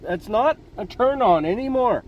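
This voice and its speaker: A man's voice: extremely high pitch, lively intonation, moderate pace, dull audio, a little hiss or hum. A man vlogging from his truck, telling stories and dad jokes in a folksy, chuckling way. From Canada. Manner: folksy, chuckling, says "you know" often. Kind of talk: casual storytelling and dad jokes. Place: in a truck or vehicle.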